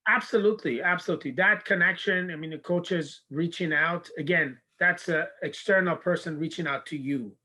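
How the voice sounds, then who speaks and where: A man's voice: on the high side, moderate pace, few pauses, poor audio. A man who coaches university soccer, talking in a casual video-call interview and telling stories animatedly, acting out the people he quotes. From Canada. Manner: animated storyteller, acts out quoted dialogue.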